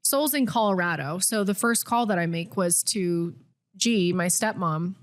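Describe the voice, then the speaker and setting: A woman's voice: on the low side, a little slow. A woman in her twenties, a podcast co-host, telling a personal story candidly with lots of "like.". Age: 20s. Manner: candid, filler-heavy with frequent "like".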